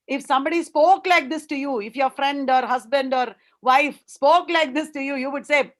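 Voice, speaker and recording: A woman delivers an online literature lecture. Her voice sits high, and she explains earnestly, often repeating words to drive a point home. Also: normal speed, hardly any pauses. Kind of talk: academic webinar lecture.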